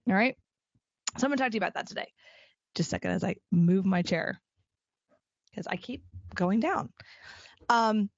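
A woman's voice: mid-range voice, dry recording, muffled recording. A middle-aged woman hosting a solo podcast, talking energetically and acting out quoted conversations. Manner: energetic, emphatic, acts out quoted dialogue. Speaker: podcast host.

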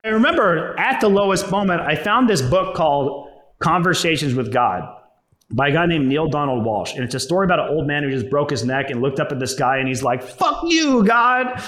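A man's voice: fairly high pitch, brisk, fairly bright tone. A young man, an entrepreneur, telling his own story in a blunt, profane, conversational way, full of "like" and "right?". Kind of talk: personal storytelling talk. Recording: roomy echo.

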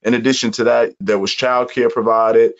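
A man from Chicago, a guest telling his life story in an earnest, reflective conversation with measured pauses. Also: mid-range voice, level tone, gravelly. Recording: muffled, dull audio.

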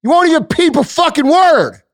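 Sex: man. Pitch: very high. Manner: furious, profane ranting. Role: podcast host. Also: expressive, normal speed, dry recording, clean studio sound. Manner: furious, cursing heavily, lecturing listeners. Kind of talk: angry profane rant.

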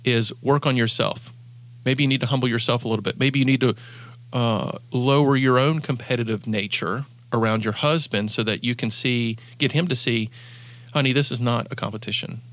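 A man's voice: medium pitch, steady tone, moderate pace, a bit bright. A man hosting an advice show as a coach, telling stories earnestly and often restarting his sentences. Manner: earnest storytelling, frequent restarts. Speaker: podcast host and coach.

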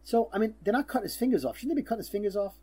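A man's voice: high-pitched, lively intonation, rapid-fire. A man co-hosting a casual podcast, recapping a TV episode in a chatty way and acting out lines. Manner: chatty, acts out quotes with loud bursts. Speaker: podcast co-host.

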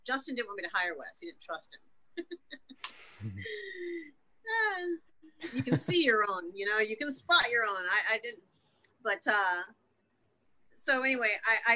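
A woman's voice: fairly high pitch, expressive, brisk, bright, forceful tone, low-quality recording. A woman guest in an interview, recounting a personal story frankly, emotionally and with plenty of swearing. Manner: frank and profane, emotional retelling.

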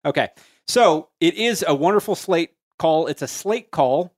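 Higher-voiced man reading listings on a podcast. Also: expressive, dry recording, studio quality. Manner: reads listings deliberately, spelling out handles letter by letter. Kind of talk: casual podcast chat.

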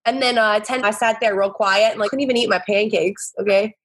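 A woman in her thirties from the American South, a podcast guest telling animated, exasperated stories with laughter. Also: medium pitch, fairly quick, breathy edge. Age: 30s. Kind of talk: casual storytelling chat.

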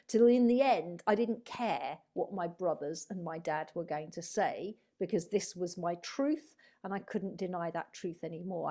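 Woman, middle-aged, warm low-key timbre, reflective, rambling, interview guest. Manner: reflective, rambling, acts out quoted voices. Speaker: guest, psychotherapist and spiritual healer. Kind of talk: conversational storytelling interview.

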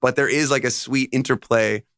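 Male musician guest, casual interview talk, rambling and animated, smooth voice, dry sound. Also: medium pitch, moderate pace, no echo. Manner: loose, rambling, animated storyteller.

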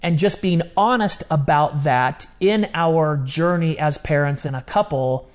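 Earnest man, candid podcast talk. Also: on the high side. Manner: earnest, confessional, quick bursts of speech. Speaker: podcast co-host.

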